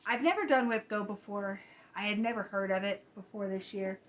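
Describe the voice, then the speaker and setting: A woman's voice: medium pitch, brisk. A woman, chatting casually about her cross-stitch projects late at night, sounding tired and often correcting herself. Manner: chatty, self-correcting, drops to soft asides. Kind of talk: casual chat. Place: home at night.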